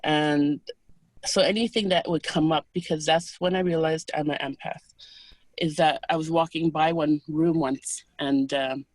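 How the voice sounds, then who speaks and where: Soft-spoken woman telling a reflective story. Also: low voice, fairly even intonation, dry recording. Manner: soft, unhurried and reflective, with hesitant pauses. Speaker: interview guest. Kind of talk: personal storytelling in conversation.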